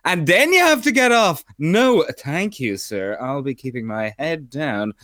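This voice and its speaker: A man's voice: fairly high pitch, expressive, a little slow, fairly bright tone, no echo. A man co-hosting a podcast, wry and full of swearing. His voice moves up and down with plenty of life. The recording is dry and close. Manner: wry and profane. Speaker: podcast co-host. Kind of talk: casual chat.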